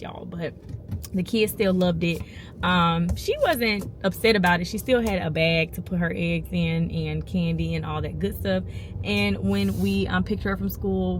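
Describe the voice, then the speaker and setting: A woman's voice: medium pitch, background noise. A woman, chatting casually to viewers in a vlog and telling family stories. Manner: chatty, storytelling, addresses viewers as y'all. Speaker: vlogger and mother.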